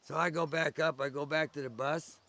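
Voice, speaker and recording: A man's voice: a little high, steady tone, brisk, pushed and bright. An older man recalling his early days at the gathering in a rambling, conversational oral-history style. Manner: rambling, conversational storytelling with digressions.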